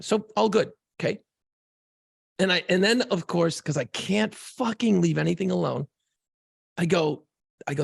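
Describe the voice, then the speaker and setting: A man's voice: sits high, normal speed, no echo, clean studio sound. A man co-hosting a casual podcast, swearing freely and rambling through a long story about home life. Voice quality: gravelly. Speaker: podcast co-host.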